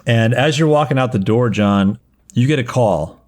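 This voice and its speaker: A man's voice: medium pitch, moderate pace, darkish tone, slight background noise. A man running a tabletop game as game master, telling the story with frequent laughs.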